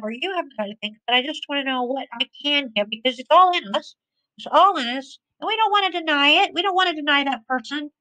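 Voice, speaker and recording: A woman's voice: fairly high pitch, bright, forceful tone, no room sound, low-quality recording. A woman spiritual teacher giving a conversational inspirational talk, often repeating phrases for emphasis.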